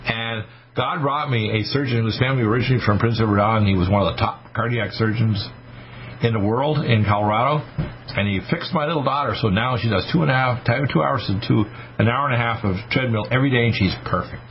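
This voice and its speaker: On a slightly muffled radio broadcast with faint noise, a man in his sixties talks briskly in a mid-range voice. As talk show host, he tells emphatic stories and acts out the voices of the people he quotes.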